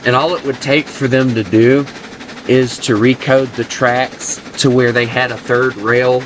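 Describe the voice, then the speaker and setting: A gaming channel host with a Southern US accent chats loosely at home while playing a video game, rambling as he goes. His medium-pitched voice shows little pitch movement, and he speaks unhurriedly over background noise.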